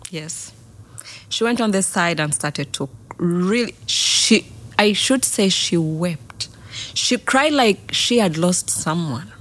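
A woman's voice: lowish voice, expressive, takes it slowly, fairly bright tone. A middle-aged woman, telling a personal childhood story as a guest, emotional and laughing between lines. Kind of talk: personal testimony in a podcast interview.

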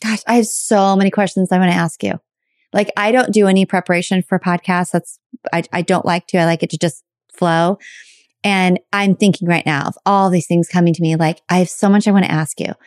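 A woman's voice: lowish voice, fairly even intonation, brisk, a little mellow, dry recording, studio quality. A middle-aged woman hosting a podcast, talking in a chatty, candid and self-deprecating way. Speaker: podcast host. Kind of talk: casual interview chat.

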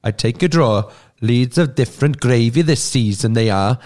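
A man reading a football fan's post aloud in a put-on Welsh accent, slow and sing-song. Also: medium pitch, expressive, a little mellow, a little hiss or hum, close to an everyday voice. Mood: mock earnest.

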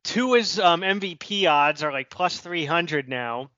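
A man with a bright, forceful voice leads a casual sports chat, joking and laughing between his points. The recording is dry and slightly dull, with a lo-fi podcast sound. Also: on the high side, animated, slow pace, no room sound. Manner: chatty and joking, laughs often. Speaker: podcast host. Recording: slightly muffled lo-fi podcast audio.

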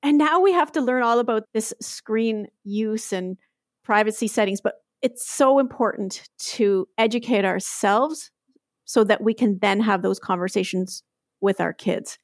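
A woman's voice: medium pitch, a little slow, dry recording, studio quality. A woman, explaining earnestly in a podcast interview, often tagging lines with "right?". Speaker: guest expert.

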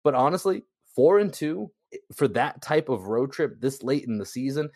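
A man hosting a sports podcast in casual, slangy, energetic chat, laughing often. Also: medium pitch, moderate pace, dry recording, clean studio sound. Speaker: podcast host.

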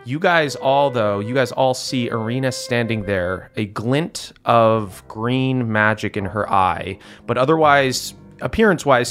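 A man's voice: medium pitch, fairly bright tone. A man narrating as game master of a tabletop game, in a loose, descriptive way with frequent fillers.

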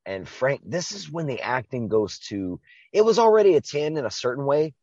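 An excitable man talks through a horror film with friends, cursing happily and laughing between points. His voice sits in a middle register and comes through a dull, muffled lo-fi recording with almost no room sound. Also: mid-range voice, moderate pace, dry recording. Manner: enthusiastic, profane, laughs often. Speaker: podcast co-host. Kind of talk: casual movie discussion.

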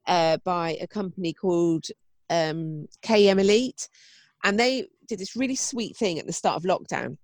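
A woman's voice: lowish voice, normal speed, a little mellow, dry recording. Enthusiastic woman chatting on a podcast, dry close sound. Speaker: podcast co-host. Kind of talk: casual chat.

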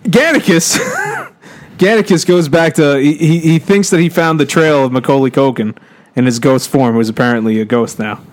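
A man's voice: a little high, moderate pace. A man co-hosting, telling an improvised comedy story with lots of laughter. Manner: animated, laughing often.

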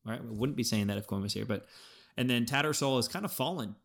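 A man co-hosting a sports podcast, thinking aloud in an animated way with frequent restarts as he breaks down his team's football season. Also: mid-range voice, fast talker, vocal fry. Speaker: podcast co-host. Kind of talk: casual sports podcast analysis.

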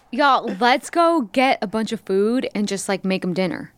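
A woman's voice: medium pitch, expressive, unhurried, a crowd in the background. Chatty woman gaming with friends. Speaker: player. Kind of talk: casual tabletop game chat.

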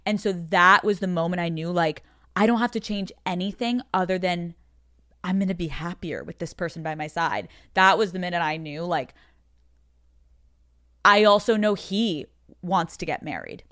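A young woman talks candidly in a relaxed interview, swearing freely as she tells her story. Her voice sits in an ordinary middle register. The recording is close and dry. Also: fairly low pitch, moderate pace, no room sound. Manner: frank, profane, chatty storytelling. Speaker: podcast host being interviewed. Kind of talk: casual candid conversation.

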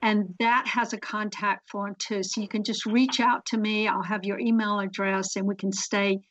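A woman guest talks at an unhurried pace and spells out details carefully. Her voice comes through a dull, lo-fi line with a dry sound. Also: mid-range voice, little pitch movement, fairly bright tone, no echo. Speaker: guest dream expert. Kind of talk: casual radio chat.

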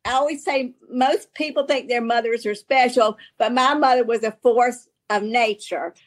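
A Southern-accented woman with a somewhat high voice, talking as a guest on a video call. She tells stories in a loose, rambling way, often restarting her sentences and laughing along the way. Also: steady tone, normal speed. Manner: chatty, rambling storyteller with many restarts and laughs. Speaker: guest author. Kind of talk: casual conversation on a show.

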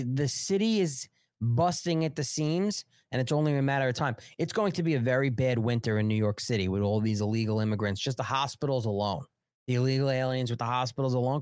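A man's voice: medium pitch, no room sound, studio quality. Blunt, heated middle-aged man host. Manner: heated, blunt and profane, repeats phrases for emphasis. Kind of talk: live political talk show.

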